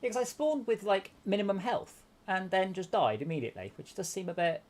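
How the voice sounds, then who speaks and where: A man's voice: high-pitched, lively intonation, fairly quick, a little mellow. A young man hosting a game stream, giving exasperated running commentary with stumbling restarts. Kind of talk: casual gameplay chat.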